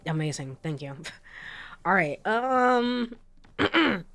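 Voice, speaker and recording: A woman's voice: mid-range voice, fairly bright tone. A woman who is sick gives laid-back, casual commentary while playing a game, mumbling with fillers. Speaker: let's play streamer.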